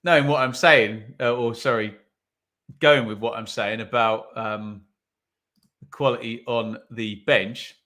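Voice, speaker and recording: Bright-voiced man live-streaming football. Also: medium pitch, fairly even intonation, unhurried. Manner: chatty, reads out viewer comments, wry asides. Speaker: watch-along streamer. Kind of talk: live football commentary and chat.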